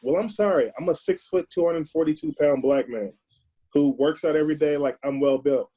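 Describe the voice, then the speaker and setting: A man speaking as a podcast guest in a casual discussion, earnest and forceful, often restarting his words. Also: mid-range voice, husky, rough recording.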